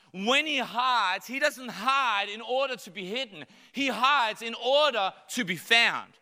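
Bright, lively man preaching in a hall. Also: high-pitched. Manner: playful, acts out voices of his child and God. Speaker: pastor. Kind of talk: sermon. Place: church stage. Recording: long hall reverb.

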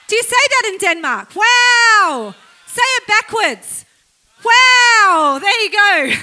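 A woman preaching as a guest speaker at a church service, energetic and exclaiming, leading the congregation in call-and-response. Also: extremely high pitch. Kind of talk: sermon.

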